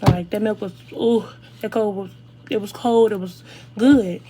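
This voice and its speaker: An eighteen-year-old woman speaks, chatting animatedly through a storytime for her viewers. Her voice sits at a middle pitch, with a faint hum in the background. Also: steady tone, measured pace, mellow. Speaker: vlogger. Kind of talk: casual storytime.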